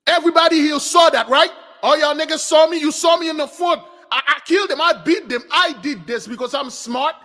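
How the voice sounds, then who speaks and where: A man voicing a proud, boastful male warrior who shouts taunts. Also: very high voice, animated, moderate pace, few pauses, big-room sound, full character voice. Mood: boasting.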